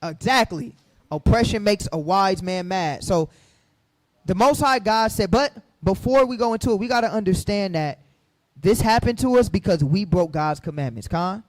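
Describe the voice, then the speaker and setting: A man teaching from the Bible to a group, fiery and preachy, firing questions at the room and rising to shouts. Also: high-pitched, normal speed, dry recording.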